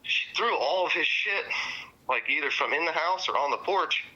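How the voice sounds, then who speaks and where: A man's voice: fairly high pitch, animated, moderate pace, pushed and bright, lo-fi sound. A man recounting events to police in a rambling, casual way, full of fillers and cussing. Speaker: witness interviewed by police.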